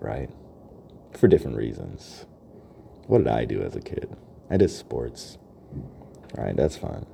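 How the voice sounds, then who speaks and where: A man's voice: extremely low pitch, vocal fry, mellow, slight background noise. A young man hosting a podcast, freestyling a reflective, rambling monologue, laughing often and checking in with "right?". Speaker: podcast host.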